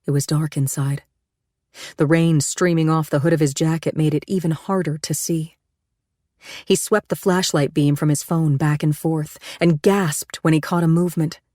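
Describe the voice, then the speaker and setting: A woman reading an audiobook thriller in steady, measured scripted narration. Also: sits low, no echo, clean studio sound.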